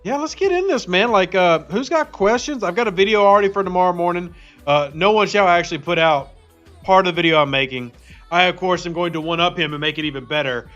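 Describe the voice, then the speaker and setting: A man's voice: high-pitched, quick pace, a bit bright. A man hosting a casual live game stream, chatting in an upbeat way and greeting viewers by name. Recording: slightly dull lo-fi audio with faint music.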